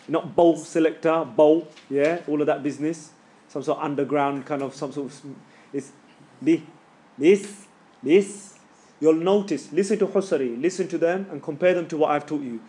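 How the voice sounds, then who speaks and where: A man's voice: fairly high pitch, moderate pace, darkish tone. Chatty man teaching recitation. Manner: chatty, demonstrates letter sounds over and over, uses slang. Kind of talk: casual classroom teaching. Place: classroom with students.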